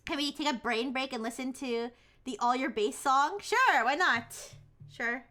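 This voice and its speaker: A woman's voice: high-pitched, normal speed, pushed and bright. A woman livestreamer in casual chat who rambles, laughs often and says "like" a lot.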